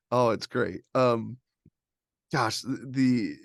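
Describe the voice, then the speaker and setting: A man's voice: mid-range voice, very slow, gravelly, dry recording, studio quality. A young man co-hosting a film podcast, talking casually and rambling with lots of "like". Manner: rambling, heavy use of "like", animated retellings. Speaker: podcast co-host reviewing films. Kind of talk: casual chat.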